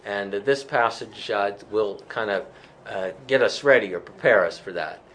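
A man's voice: fairly low pitch, moderate pace, a bit bright. Male Bible study teacher, conversational, thinking aloud, faint background hiss. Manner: thoughtful, with many fillers and restarts.

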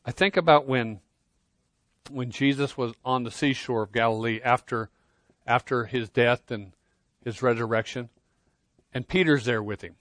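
A man preaching a sermon, earnest, swinging between loud emphasis and quiet intensity, often repeating words as he starts a phrase. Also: medium pitch, fairly even intonation, normal speed, pauses often, no room sound. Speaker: pastor.

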